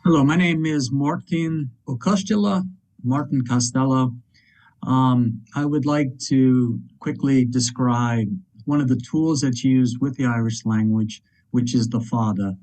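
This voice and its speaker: Slow, careful man explaining pronunciation. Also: mid-range voice, a little mellow, rough recording. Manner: careful, deliberate, spells out sounds. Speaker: student presenter.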